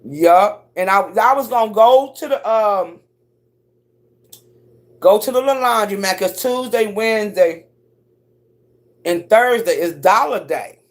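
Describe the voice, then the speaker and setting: Profane, animated middle-aged woman streamer. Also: a little slow, pauses often. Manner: profane, animated storyteller who swoops up high for quoted voices. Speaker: live streamer. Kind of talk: casual livestream storytelling.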